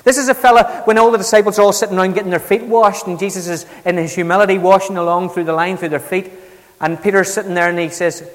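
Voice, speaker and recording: Guy preaching in a church, kinda high voice, loud then quiet, big echo. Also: fast talker. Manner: lively storytelling preacher, acts out Bible figures with big swings in loudness. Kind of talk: sermon.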